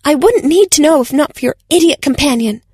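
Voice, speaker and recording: A woman's voice: high-pitched, expressive, brisk, a little mellow, dry recording, voice pushed up. A woman voicing a bold, scheming young female filmmaker who talks in an urgent, insistent way. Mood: cold.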